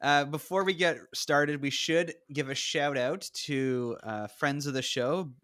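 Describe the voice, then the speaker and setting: A man's voice: fairly high pitch, measured pace, a bit bright. A man co-hosting a casual podcast over a video call, upbeat and playful. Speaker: podcast co-host. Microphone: remote call mic.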